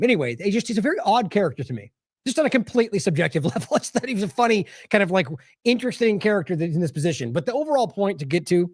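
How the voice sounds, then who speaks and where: Male news-commentary host, fairly high and animated voice, sarcastic, close dry mic. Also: no echo. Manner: exasperated, sarcastic, scoffing laughs. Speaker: independent news show host. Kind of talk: casual commentary on played clips.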